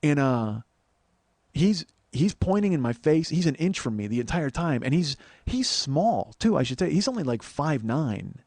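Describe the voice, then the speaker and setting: A man's voice: on the high side, sing-song, normal speed, hardly any pauses, a little mellow, dry recording. A man in his forties telling a rambling, profane story as a podcast host. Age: 40s. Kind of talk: storytelling monologue.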